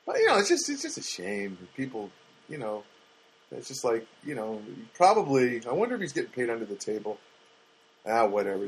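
A man's voice: mid-range voice, wildly swooping pitch, a little fast, slightly rough, poor audio. A man hosting a solo podcast from his studio apartment, rambling and ranting with many restarts. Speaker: podcast host.

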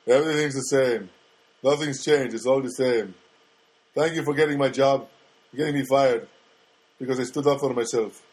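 A man voicing an imagined fired store worker who complains in a flat, deadpan way. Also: medium pitch, moderate pace, pauses often, husky, close to an everyday voice. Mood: glum.

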